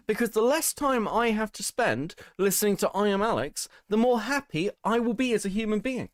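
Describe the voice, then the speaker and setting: A British man reacting on a commentary stream, sarcastic and quick to swear. His pitch swings widely as he talks. The sound is dry and close to the mic. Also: no echo. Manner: sarcastic, swearing, animated, laughing asides. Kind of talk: reaction commentary, reading documents aloud.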